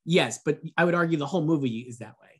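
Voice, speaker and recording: Wry man, fairly high voice, pundit chat. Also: quick pace, fairly bright tone, husky. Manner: easygoing and wry, lays out arguments. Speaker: awards pundit. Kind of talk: casual panel discussion.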